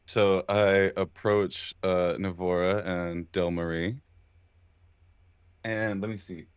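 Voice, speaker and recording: A man with a fairly low voice, playing a tabletop game and working through his turns out loud. The sound is dry and close, with little room around it. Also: fairly even intonation, smooth, dry recording. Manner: halting, stammering in character. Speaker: player. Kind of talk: tabletop role-play.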